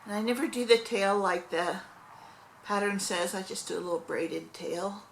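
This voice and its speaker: A woman's voice: mid-range voice, steady tone, normal speed, a little hiss or hum. A middle-aged woman hosting a casual crochet vlog, rambling with many fillers and correcting herself as she goes. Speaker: crochet vlogger. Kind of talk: casual crochet show-and-tell.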